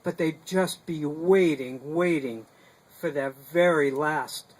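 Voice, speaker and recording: Male storyteller, slow paced, slightly high voice, dramatic, live folk tale in a small outdoor booth. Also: rough recording. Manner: dramatic, animated, with sudden shifts in loudness.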